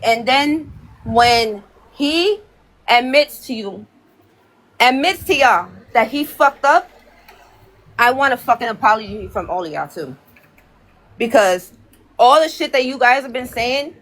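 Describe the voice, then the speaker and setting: A woman's voice: fairly high pitch, a bit bright, low-quality recording. A woman hosting a livestream, talking in a heated, profane rant and repeating herself. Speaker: livestream host.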